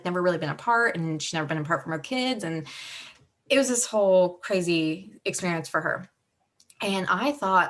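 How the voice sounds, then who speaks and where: A woman's voice: on the low side, fairly bright tone. A young woman telling her team a personal story in casual, rambling talk, heavy with fillers and heartfelt. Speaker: team director giving a mindset talk.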